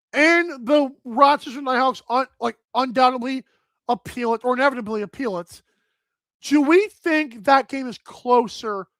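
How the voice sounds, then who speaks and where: A woman hosting a live sports talk stream, chatting casually and thinking out loud with lots of filler words as she addresses viewers. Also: sits high, no room sound. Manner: chatty, thinks aloud with many "like"s, addresses chat. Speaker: sports talk show host.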